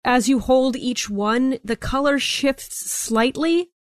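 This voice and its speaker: A woman's voice: high voice, takes it slowly, dry recording. A young woman narrating as game master, describing scenes in detail and filling with "like" and "kind of.".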